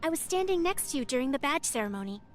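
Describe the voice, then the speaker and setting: A cheerful, chatty young rookie hunter with a high, bright voice. She talks in a friendly way. Faint game music sits behind her. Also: very animated, fast talker.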